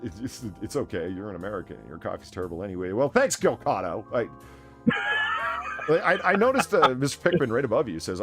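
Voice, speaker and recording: A man hosts a relaxed chat stream, reading out viewer messages between banter. His pitch swings widely and his tone is bright. Faint music plays underneath. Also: a little fast. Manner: chatty, reads viewer messages aloud. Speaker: podcast host reading donations. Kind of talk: casual chat.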